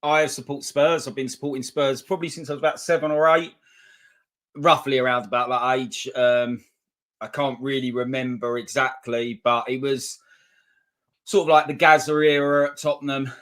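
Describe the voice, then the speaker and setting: A man co-hosting a livestream, telling in a relaxed way how he became a fan and joking with his co-host. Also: mid-range voice, normal speed. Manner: easygoing storyteller, teasing banter. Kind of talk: casual football chat.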